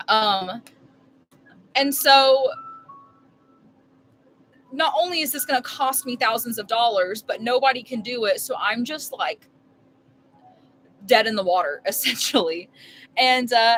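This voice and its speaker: A woman's voice: on the high side, lively intonation, unhurried, long pauses, fairly bright tone, slight background noise, poor audio. A young woman streaming live from her RV while making dinner, telling a long story in a rambling, emphatic way full of filler words. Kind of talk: casual storytelling chat.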